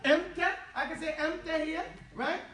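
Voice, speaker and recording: A man's voice: very high voice, fairly even intonation, takes it slowly, crowd noise. A man teaching an Arabic class, drilling the students in call and response with a casual, joking manner. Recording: echoey room, distant mic, class audible.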